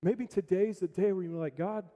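A man preaching a sermon as pastor, telling stories animatedly and swinging from loud bursts to hushed asides. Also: high-pitched, fairly even intonation, moderate pace, long reverb tail. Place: church hall.

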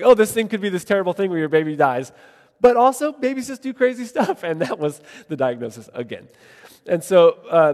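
A man's voice: medium pitch, a little mellow. A man in his thirties preaching a conversational sermon as a pastor, earnest and thinking aloud with many casual asides. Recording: long reverb of a large hall.

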